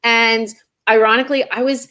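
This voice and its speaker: A woman's voice: on the high side, steady tone, moderate pace, pushed and bright. Candid middle-aged woman telling stories. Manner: candid, anecdotal, self-deprecating. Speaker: author guest. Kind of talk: casual interview chat.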